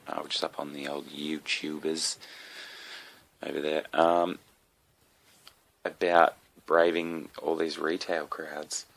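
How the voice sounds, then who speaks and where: A young Australian man rambles through a solo comedy podcast, swearing freely and tossing in asides. His voice sits very low with a gravelly fry, yet comes across bright and forceful, with a sick, slightly coughy edge.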